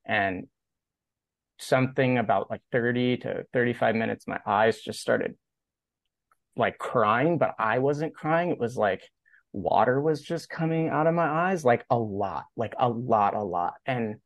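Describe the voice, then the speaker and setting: A man's voice: medium pitch, expressive, measured pace, vocal fry, no room sound. A man, a guest on a podcast interview, telling a personal story in a casual, rambling way, full of "like" and acted-out quotes. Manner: rambling, heavy use of "like", acts out quoted dialogue. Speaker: podcast guest, pro skateboarder.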